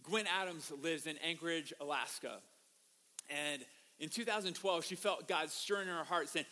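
A man's voice: fairly high pitch, normal speed. A man pastor preaching a sermon, telling stories with animation and asking the congregation rhetorical questions. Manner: animated storytelling, asks the audience rhetorical questions.

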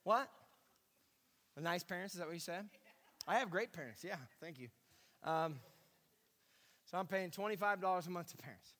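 A man preaching on money management to a live audience, swinging from quiet asides to loud bursts and acting out his listeners' voices. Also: high-pitched, moderate pace, pauses often, long reverb tail. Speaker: pastor teaching personal finance. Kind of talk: lively sermon to a live audience.

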